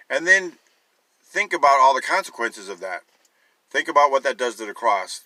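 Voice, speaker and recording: A man's voice: medium pitch, big pitch swings, normal speed, bright, forceful tone, no room sound, low-quality recording. A man giving an emphatic sermon-style talk, urging listeners and piling up rhetorical questions, with a wry, sarcastic edge. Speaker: Christian teacher.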